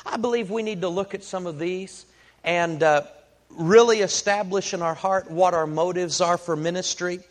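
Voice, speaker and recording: A man preaching a sermon, telling a folksy story in an unhurried way with many fillers. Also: high-pitched.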